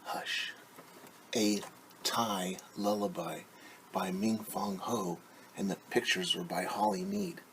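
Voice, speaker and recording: A man, a teacher, reading a picture book aloud to children in a gentle, hushed way, often dropping to a whisper and explaining new words simply. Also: sits low, slow, slight background noise.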